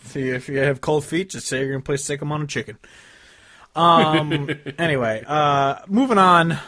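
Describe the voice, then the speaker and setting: A man co-hosting a casual podcast, blunt and quick to laugh, swearing freely. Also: fairly high pitch, pushed and bright, dry recording, studio quality. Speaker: podcast co-host. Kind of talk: casual chat.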